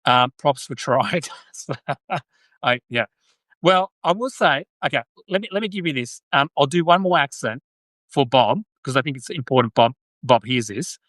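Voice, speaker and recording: A man's voice: mid-range voice, expressive, moderate pace, a bit bright, no echo. An Australian man hosting a live stream, chatting loosely and answering viewer comments with rambling, self-correcting talk. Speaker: podcast host.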